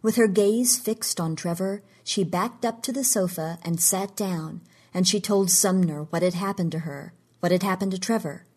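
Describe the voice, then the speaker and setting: A woman reads a piece of fiction aloud in an even, measured way. Her voice is low and husky. She moves steadily through the narration. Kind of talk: scripted story narration.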